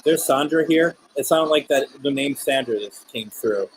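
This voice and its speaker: A man hosting a live spirit box stream, talking gently with viewers and politely calling on spirits. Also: mid-range voice, normal speed, slight background noise, low-quality recording.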